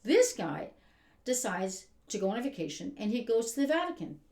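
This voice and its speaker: A woman's voice: on the high side, very animated, moderate pace, darkish tone. A woman giving an exasperated, emphatic rant as a vlogger. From Canada. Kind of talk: ranting commentary. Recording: roomy echo.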